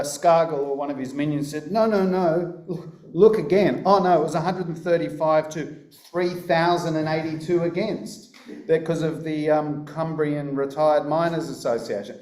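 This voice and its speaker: Australian man, conference speaker, dry anecdotal delivery, warm tone, reverberant room. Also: a little high. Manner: wry, anecdotal, hesitant with many fillers. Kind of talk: live conference talk.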